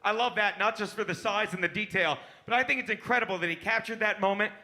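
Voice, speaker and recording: High-voiced brash male stand-up comic. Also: fast, sharp tone. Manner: brash, punchy, crowd-baiting with "right?". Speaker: stand-up comedian. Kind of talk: stand-up comedy. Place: comedy club stage.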